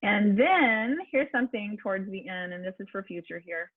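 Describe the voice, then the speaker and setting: Woman, voice coach, husky, encouraging, chatty, phone-like video-call sound, dry. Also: mid-range voice, lively intonation, moderate pace, dry recording. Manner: encouraging, chatty, with fillers and restarts. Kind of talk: online public speaking class.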